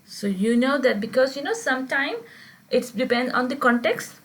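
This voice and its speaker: A woman's voice: high-pitched, animated, moderate pace, low-quality recording. A woman teaching Quranic Arabic grammar in an online class, explaining step by step and often checking whether her students follow. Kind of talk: live online grammar lesson.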